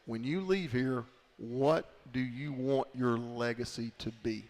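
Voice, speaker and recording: A man's voice: medium pitch, unhurried, a little mellow, long reverb tail. A man hosting a live radio show, affectionate and getting emotional as he asks his guest questions. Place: bar and grill.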